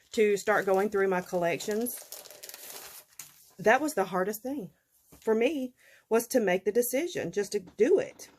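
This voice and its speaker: A woman's voice: mid-range voice, a little mellow. A middle-aged woman, chatting casually to her viewers in a folksy way, laughing often. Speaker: vlogger.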